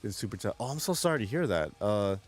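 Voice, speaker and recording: Casting: rambling, profane streamer guy from New York, low-ish voice, casual chat with chat. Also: very animated, fast talker. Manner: profane, rambling, restarts sentences. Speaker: livestream host.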